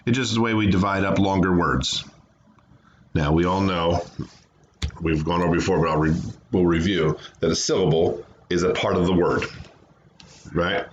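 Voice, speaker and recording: Deep-voiced guy teaching kids phonics from home, slow patient sounding out, kinda muffled. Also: slight background noise. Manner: patient, sounds words out slowly. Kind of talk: remote phonics lesson for children. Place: home, away from classroom.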